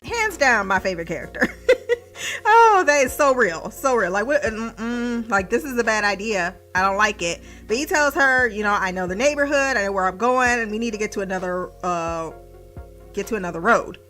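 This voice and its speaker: A woman's voice: mid-range voice, animated, normal speed, fairly bright tone, faint music behind. A young woman recapping a TV episode in casual podcast chat, laughing often, swearing and mimicking the characters.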